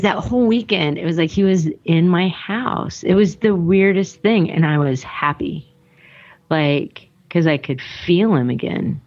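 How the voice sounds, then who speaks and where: Woman, lowish voice, rambling storyteller, acts out dialogue, dull lo-fi sound. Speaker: guest telling a personal story. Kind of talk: conversational storytelling.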